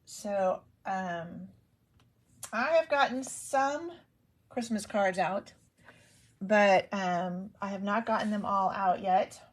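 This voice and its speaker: A woman hosts a casual live craft demonstration, talking in a loose, rambling way full of ums. She is still shaking off a cold and a cough. Her voice sits at an ordinary middle pitch. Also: takes it slowly. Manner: chatty, rambling, many ums. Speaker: papercraft demonstrator.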